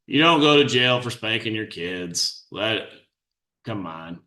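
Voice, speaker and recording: A man's voice: lowish voice, animated, slow pace, sharp tone, roomy sound. A middle-aged man, a podcast host, giving blunt, scornful commentary on a clip.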